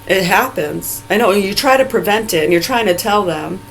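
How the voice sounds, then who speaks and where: A woman's voice: medium pitch, expressive, moderate pace, vocal fry, slight background noise, low-quality recording. A woman in her forties delivering a rambling, heated rant full of swearing. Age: 40s. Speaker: vlogger. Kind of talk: profane angry rant.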